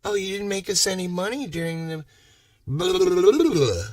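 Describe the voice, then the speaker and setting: A man's voice: high voice, lively intonation, moderate pace, no echo, clean studio sound, distant mic, pitched above the performer's own voice. A man putting on a sarcastic, sing-song voice to mock a dismissive healthcare office clerk.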